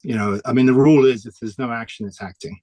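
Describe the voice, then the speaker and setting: A man, a comic artist talking casually in an interview, chatty and quick to laugh. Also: medium pitch, mellow, no room sound. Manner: chatty, laughs often, restarts sentences.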